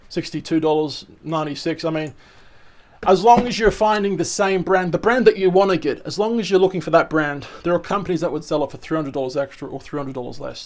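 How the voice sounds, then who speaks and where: An Australian man vlogging casually, chatty and showing things off, often tagging his sentences with "right?" and "okay?". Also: a little high. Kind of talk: casual show-and-tell vlog.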